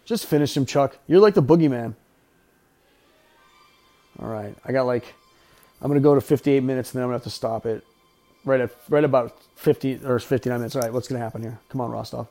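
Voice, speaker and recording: A man talks loosely over a film he is watching, cursing freely and cracking offhand jokes in the flat tone of a casual podcast host. His pitch sits at an ordinary male middle. A film soundtrack plays faintly underneath. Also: fast talker, long pauses, soft background music. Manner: profane, wisecracking and offhand. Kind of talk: casual watch-along movie commentary.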